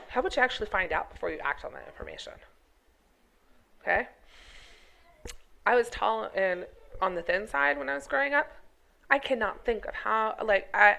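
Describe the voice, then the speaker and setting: A woman's voice: mid-range voice, gravelly, pushed and bright, poor audio. A middle-aged woman and health teacher ranting to camera in a vlog, scolding and emphatic, with frequent "okay?" and "right?" check-ins. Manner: emphatic, scolding, rhetorical questions.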